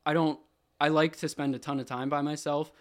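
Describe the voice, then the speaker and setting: A young adult man, a college athlete, talks as a guest on a podcast in a studio. His voice is on the high side, flat and fairly quick, and he's earnest and thoughtful, rambling a bit as he works out his ideas in casual chat.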